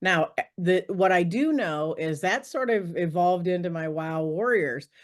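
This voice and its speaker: A middle-aged woman, a podcast guest on a video call, telling stories in a lively way, laughing often and acting out what people said. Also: fairly low pitch, unhurried. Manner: lively, laughs often, acts out quoted dialogue. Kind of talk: animated storytelling in conversation.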